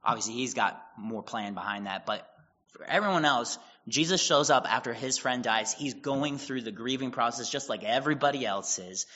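Male pastor, bright forceful voice, chatty Bible teaching with quoted dialogue, slightly muffled lo-fi recording. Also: mid-range voice, normal speed. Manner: conversational, retells scripture with quoted dialogue and asides.

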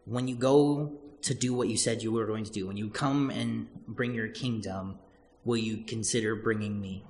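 A man's voice: lowish voice, steady tone, moderate pace, a little mellow, a little hiss or hum, natural voice. A man voicing a repentant male thief, humble and pleading, within a sermon. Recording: long church-hall reverb.

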